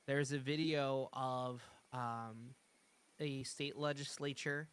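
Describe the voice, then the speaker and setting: A podcast co-host in casual chat, speaking hesitantly with many filler pauses. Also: medium pitch, fairly even intonation, clear, resonant tone.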